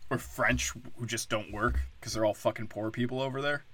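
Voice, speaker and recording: A man's voice: medium pitch, steady tone, brisk, fairly bright tone. A man hosting a podcast, delivering a profane, sarcastic comedic rant into a close mic. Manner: crude, profane, sarcastic ranting. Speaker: podcast host.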